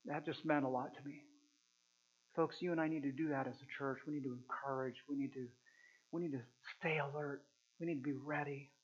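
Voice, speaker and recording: A man preaching a sermon as pastor, earnest and halting, with many restarts, rising loud and dropping to hushed tones. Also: medium pitch, steady tone. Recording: muffled with mains hum.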